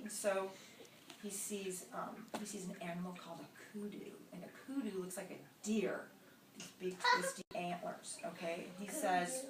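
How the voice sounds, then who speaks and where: A woman storyteller telling a folk tale to young children, expressive and involving her listeners. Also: fairly high pitch, moderate pace, noisy background. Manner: lively, expressive, involves the audience. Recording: roomy, distant mic.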